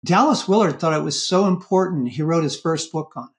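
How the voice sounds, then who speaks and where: A middle-aged man speaking as a guest in a podcast interview, earnest and animated. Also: a little high, fairly quick. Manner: earnest, animated when quoting inner voices. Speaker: guest author.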